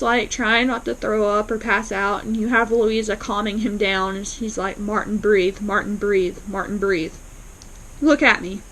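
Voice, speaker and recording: A woman casually recapping a TV episode, retelling scenes with quick quoted lines and frequent fillers. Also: a little high, a bit bright, rough recording. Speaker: TV episode reviewer.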